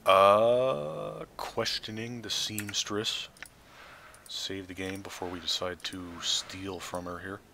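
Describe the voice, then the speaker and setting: A man's voice: low-pitched, fairly even intonation, slow, creaky, bright, forceful tone, slight background noise. A man hosting a let's play, reading game text aloud with dry, offhand asides. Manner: dry, offhand asides between read passages. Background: faint game music.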